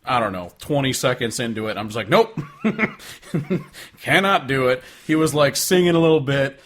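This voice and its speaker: A man in casual podcast chat, his voice sitting at an ordinary middle pitch. He talks sarcastically, leans on filler words and swears freely. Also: animated, fast, slight background noise. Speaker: podcast co-host.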